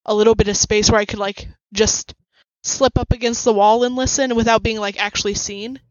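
A woman's voice: on the high side, steady tone, brisk, no room sound. A woman playing a tabletop game, talking in a hesitant way, full of fillers. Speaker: player. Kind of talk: casual tabletop play. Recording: slightly muffled, lo-fi mic.

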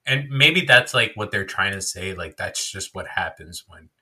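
A man's voice: low voice, lively intonation, normal speed, bright, forceful tone, husky. A man in his thirties co-hosting a podcast, talking in a loose, rambling, self-deprecating way with lots of filler words. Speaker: podcast co-host. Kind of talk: casual chat.

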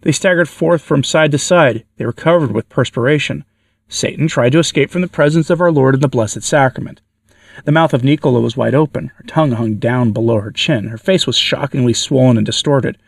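A man narrating a religious story aloud in a measured way, with occasional stumbles. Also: mid-range voice, creaky, no room sound. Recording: dry, from far off the mic.

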